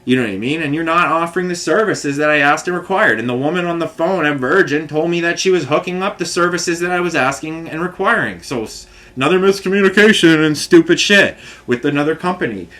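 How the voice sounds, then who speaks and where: A man's voice: fairly high pitch, fast, hardly any pauses, pushed and bright. A man venting to camera in a rambling vlog rant, talking in long run-on sentences with lots of filler phrases. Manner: frustrated, run-on storytelling full of filler phrases. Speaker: vlogger.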